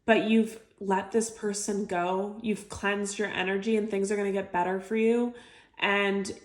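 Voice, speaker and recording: A woman's voice: medium pitch, little pitch movement, unhurried. Chatty woman reading tarot, echoey room. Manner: chatty, heartfelt, many filler likes. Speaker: tarot reader. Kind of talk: intuitive tarot reading to camera.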